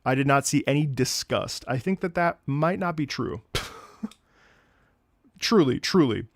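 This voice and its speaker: Animated, gravelly-voiced man streamer. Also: takes it slowly, no room sound, clean studio sound. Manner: animated storyteller, mimics French voices with high loud bursts. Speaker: streamer host. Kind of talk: casual live-stream chat.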